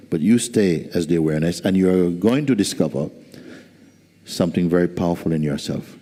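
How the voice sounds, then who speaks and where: A man as spiritual teacher giving a slow, soft-spoken satsang talk with gentle humor. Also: low voice. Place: large hall. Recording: reverberant hall.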